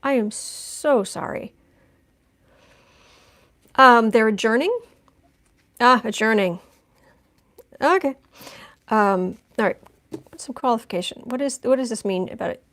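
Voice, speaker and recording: A woman's voice: on the high side, animated, moderate pace, pauses often, fairly bright tone. A woman giving a chatty live-stream tarot reading, making wry asides as she lays out cards. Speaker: tarot reader.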